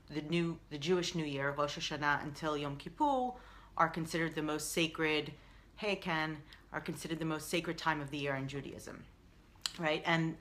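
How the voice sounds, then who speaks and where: A woman's voice: lowish voice, pushed and bright. An American woman hosting a live stream, talking earnestly and rambling with many ums and restarts. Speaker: live stream host, founder. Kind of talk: casual live stream talk.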